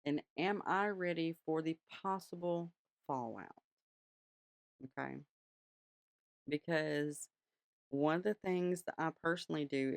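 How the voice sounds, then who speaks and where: A woman's voice: sits low, no echo. A woman hosting her own podcast, talking casually and frankly from her home altar room, swearing now and then. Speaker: podcast host. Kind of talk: casual solo podcast talk.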